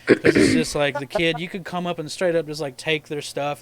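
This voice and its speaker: Hosting a casual podcast, this young man spins animated, swear-filled gaming stories that wander all over. He talks briskly in a slightly high voice.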